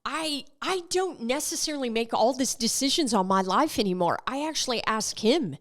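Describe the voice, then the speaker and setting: A woman's voice: on the high side, animated, moderate pace. A woman hosting a faith podcast, talking casually and animatedly and acting out remembered conversations. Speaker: podcast host.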